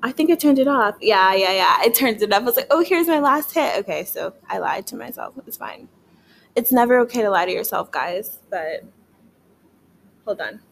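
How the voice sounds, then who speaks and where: A woman's voice: mid-range voice, expressive, moderate pace, vocal fry, slight background noise, poor audio. A young woman chatting casually in a late-night vlog, rambling and swearing, filling her talk with "like", tired but wired. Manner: rambling, profane, frequent "like" fillers. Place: her bedroom at home.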